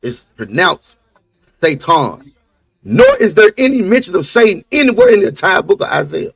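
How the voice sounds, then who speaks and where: Emphatic high-voiced man preaching his point. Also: wildly swooping pitch, brisk, creaky, breathy edge, dry recording. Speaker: podcast co-host. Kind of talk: casual religious discussion.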